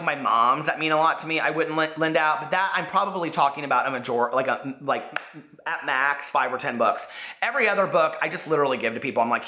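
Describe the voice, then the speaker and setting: A man who runs a book vlog, talking in a chatty, animated and self-deprecating way. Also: on the high side. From United States. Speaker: book vlogger. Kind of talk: casual chat. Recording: echoey room.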